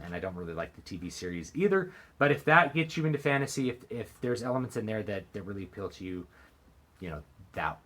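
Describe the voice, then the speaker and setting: A man's voice: on the low side, a bit bright. A man talking casually to camera as an author and book vlogger, hesitant, with frequent fillers and restarts. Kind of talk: casual book-recommendation vlog.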